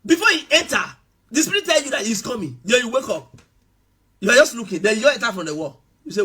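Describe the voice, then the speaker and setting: A man preaches with a high, lively, animated voice that rises into shouts and drops into hushed asides. His tone is bright and forceful with a husky edge. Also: fast talker. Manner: emphatic preaching, shifting between shouts and soft asides. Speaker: pastor. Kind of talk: sermon.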